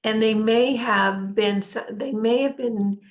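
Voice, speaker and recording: A woman hosts a casual interview, her voice sitting a bit high. She speaks thoughtfully and laughs easily. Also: slow pace.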